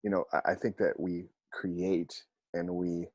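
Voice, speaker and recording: A man guest on a podcast, a counselor who works with athletes, telling stories in an animated way and acting out the dialogue. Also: low voice, measured pace, no room sound, muffled recording. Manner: animated, acts out quoted dialogue. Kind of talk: conversational storytelling.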